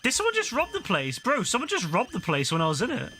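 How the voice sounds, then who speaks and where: A man's voice: very high voice, wildly swooping pitch, fast talker, sharp tone. A young man live-streaming a video game, talking casually with lots of swearing and mock-outraged banter.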